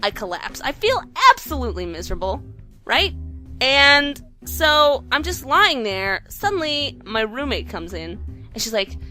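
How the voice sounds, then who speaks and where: A woman vlogger telling a story in a casual, animated way, swearing now and then. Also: high voice, unhurried, faint music behind. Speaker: game dev vlogger.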